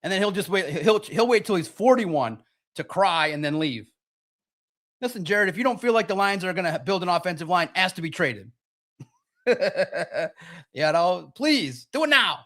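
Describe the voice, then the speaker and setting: A man hosting a live-stream sports talk show, reading chat and talking in an animated, sarcastic, rambling way. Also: high-pitched, moderate pace.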